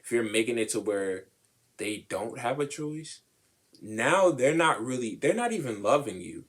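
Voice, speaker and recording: A young man co-hosting a podcast, talking casually about relationships in an animated, slangy way, acting out the voices of people he quotes. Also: medium pitch, measured pace, husky. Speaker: podcast co-host.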